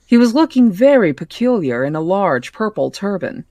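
A podcast host reading a novel aloud in a plain, measured way, with occasional stumbles. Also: mid-range voice, big pitch swings, dark tone, no room sound.

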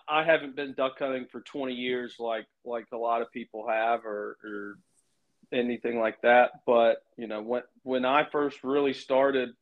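A man, chatting casually as a podcast co-host, halting and full of restarts and fillers. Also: medium pitch. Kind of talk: casual chat. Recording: muffled lo-fi recording.

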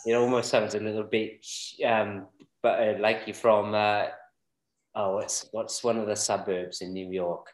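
A man's voice: on the low side, level tone, measured pace, echoey room, poor audio. A man co-hosting a casual podcast, rambling and chuckling with lots of fillers. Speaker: podcast co-host. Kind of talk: casual chat.

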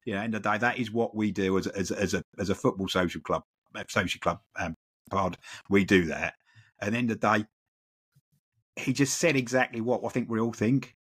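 A man's voice: on the low side, a little fast, a bit bright, husky. A man co-hosting a football podcast, talking in rambling casual chat full of repeats and "you know". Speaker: podcast co-host.

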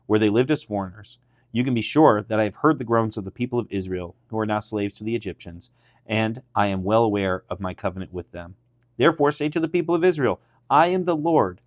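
A man's voice: lowish voice, no room sound, lo-fi sound. A man, a pastor, reading scripture aloud on a podcast and lifting his voice for the quoted speech.

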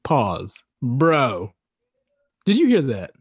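A man's voice: medium pitch, huge pitch swings, extremely slow, breathy edge. A man co-hosting a podcast, teasing his co-host in casual banter, laughing often and swearing freely.

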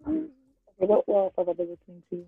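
A woman's voice: lowish voice, lively intonation, quick pace, slightly rough, no echo, narrow, tinny audio. A woman co-hosting a podcast, chatting casually in a rambling, joking way. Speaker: podcast co-host. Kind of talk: casual chat.

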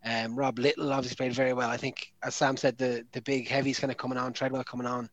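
A man's voice: medium pitch, level tone, fast talker, fairly bright tone, no room sound, low-quality recording. A man talking rugby in a hesitant way, with many ums and restarts. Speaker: podcast co-host. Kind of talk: casual sports chat.

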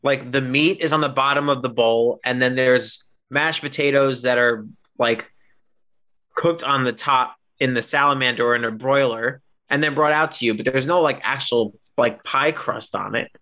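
Bright-voiced rambling podcast co-host, man. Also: medium pitch, steady tone, moderate pace. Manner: rambling, self-correcting storyteller. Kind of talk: casual chat.

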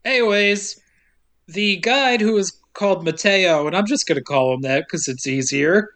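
Bright, wry podcast co-host. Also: mid-range voice, moderate pace. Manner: wry, sarcastic, laughs often. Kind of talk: casual chat, recapping a movie.

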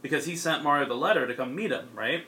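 A man's voice: fairly high pitch, fast, sharp tone, a little hiss or hum. A young man in a casual chat, rambling through a comic's plot with lots of fillers and laughs. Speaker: podcast co-host.

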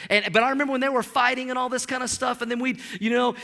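High bright-voiced middle-aged preacher. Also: male voice, rapid-fire, creaky, in a large hall. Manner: animated, storytelling, repeats words when excited. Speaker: pastor. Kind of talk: sermon. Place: church sanctuary.

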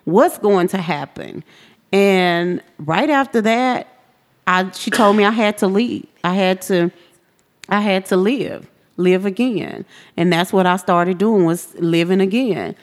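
A woman in her forties, a podcast guest, retelling her own story in a vivid, animated way. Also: measured pace. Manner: animated, vivid retelling that jumps high when quoting others. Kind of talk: personal storytelling in a podcast interview.

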